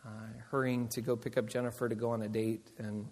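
A man, a pastor, tells stories in a sermon with animated delivery and frequent laughter. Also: mid-range voice, a little fast. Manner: animated storyteller, laughs often. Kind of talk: sermon storytelling. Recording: long reverb of a large hall.

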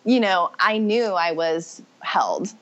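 A woman with a fairly low voice shares her personal story as a podcast guest, circling back and restarting her sentences as she talks. The sound is dull and lo-fi, with the top end cut away. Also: slow. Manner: rambling, self-correcting, animated storytelling. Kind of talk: personal testimony in conversation. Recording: muffled lo-fi audio.

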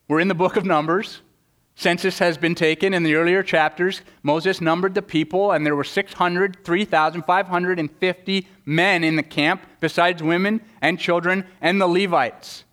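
A man's voice: on the high side, a bit bright. A man preaching a sermon, earnest, often repeating words as he starts a thought. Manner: earnest, stammering repetitions, voices quoted speakers. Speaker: pastor.

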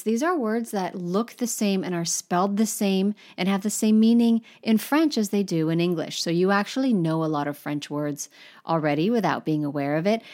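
A woman with a somewhat low voice walks English speakers through French basics in a brisk, reassuring tone. She leans into a playful, exaggerated French accent whenever she pronounces the sample words. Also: darkish tone. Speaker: French teacher. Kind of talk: instructional course overview. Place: lives in Paris.

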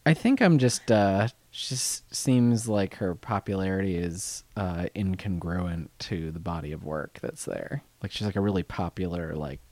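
A man's voice: deep voice, moderate pace, hardly any pauses, darkish tone, dry recording. A man co-hosting a podcast in an office, rambling casually and laughing often. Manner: rambling, laughs often, puts on silly voices. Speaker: podcast co-host. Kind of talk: casual chat.

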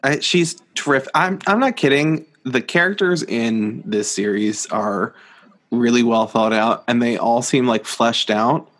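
A man's voice: mid-range voice, a little slow, fairly bright tone. Chatty man in casual book talk. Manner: chatty, laughs often, swears casually. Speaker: podcast co-host.

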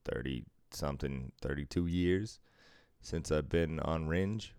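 A man's voice: very deep voice, measured pace, clean tone, dry recording, clean studio sound. A man in his fifties from Cambridge with a Boston accent, swearing freely while telling stories in a casual chat. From Cambridge, Massachusetts. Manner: profane, animated storytelling.

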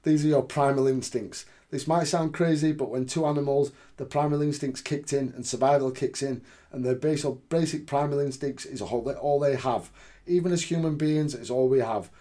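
A domineering older boss lecturing two men about who holds the power, as a podcast host quotes him. His voice stays in an ordinary middle pitch. He speaks in a stern, lecturing way. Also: fairly even intonation, normal speed, dark tone, close to an everyday voice. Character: domineering older male boss laying down the law.

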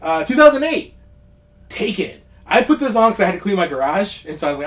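A man co-hosting a podcast, chatting casually about movies, rambling with quick asides and frequent laughs. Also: high voice, sing-song, fairly bright tone. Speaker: podcast co-host.

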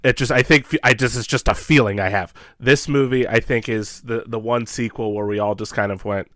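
A man's voice: mid-range voice, fairly even intonation, fairly quick, hardly any pauses, fairly bright tone, no echo, studio quality. A man co-hosting a podcast, chatting casually about movies and hedging his opinions as he talks. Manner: chatty, hedging, laughs along. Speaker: podcast co-host.

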